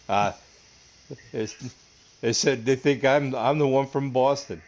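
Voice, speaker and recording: A man's voice: mid-range voice, slow, a little mellow. A man from upstate New York hosting a casual gaming livestream, joking with his friends and greeting viewers. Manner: joking, laughing, talks to viewers. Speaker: livestream host.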